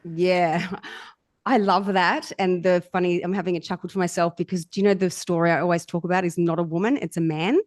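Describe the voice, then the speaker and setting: A woman's voice: lowish voice, steady tone, brisk, dry recording, studio quality. A woman, a somatic coach guesting on a podcast, telling stories animatedly and laughing often. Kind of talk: storytelling in casual chat.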